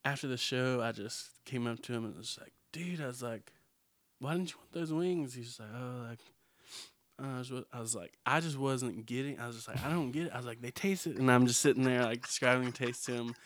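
A man's voice: medium pitch, fairly quick, dry recording. A man co-hosting a podcast, telling a rambling story in casual chat and laughing as he goes. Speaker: podcast co-host.

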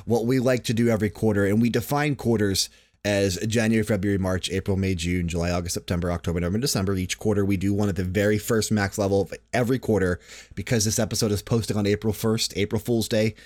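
A man's voice: fairly low pitch, fairly even intonation, quick pace, darkish tone, dry recording. A young man hosting a casual gaming podcast, talking in a chatty, rambling way and often restarting his sentences. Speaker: podcast host.

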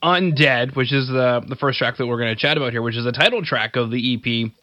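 A man's voice: mid-range voice, a little fast, pushed and bright, dry recording, lo-fi sound. A man from Canada hosting a podcast interview, upbeat and jokey, laughing often. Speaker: podcast host. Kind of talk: casual interview chat.

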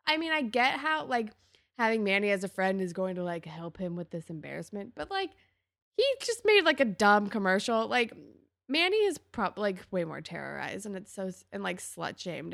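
A woman co-host talks casually through a TV episode, with a gravelly, fry-laden edge to her voice. She acts out characters' lines in sudden high, loud bursts. The recording is close and dry, with no room sound. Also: normal speed, dry recording. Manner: animated, acts out characters' lines with big pitch jumps. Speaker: podcast co-host. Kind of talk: casual episode recap chat.

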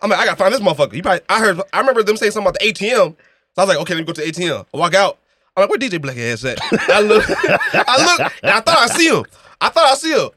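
A man co-hosting a podcast, telling a story excitedly in casual chat. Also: high voice, rapid-fire, no echo, clean studio sound. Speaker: podcast co-host.

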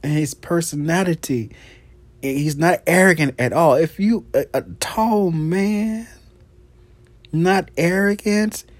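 A man's voice: on the high side, takes it slowly, no room sound. A man hosting his own podcast in a brash, profane, gossipy monologue, laughing often. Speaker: podcast host. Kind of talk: casual monologue.

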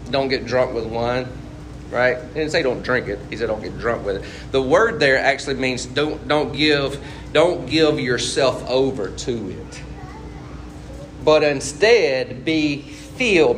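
A man's voice: medium pitch, fairly bright tone, slight background noise. A man preaching a casual, conversational sermon and asking his listeners questions as he goes. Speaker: pastor.

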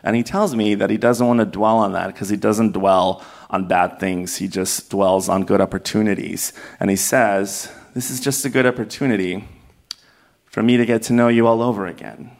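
A man's voice: fairly low pitch, fairly even intonation, normal speed. A young man telling a personal story live to an audience, candid and self-mocking, often laughing as he talks.

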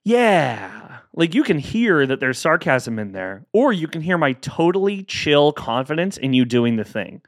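Animated, playful man hosting a podcast. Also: a little high, moderate pace, few pauses, no room sound, studio quality. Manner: playful, self-talking, acts out both sides of imagined exchanges. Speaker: solo podcast host. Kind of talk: casual solo podcast monologue.

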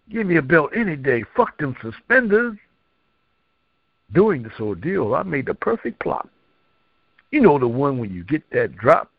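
Gravelly-voiced man in lo-fi sound. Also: a little high, dry recording. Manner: rhythmic rhyming delivery. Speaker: co-host and poet. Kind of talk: comic spoken-word poem, then casual chat.

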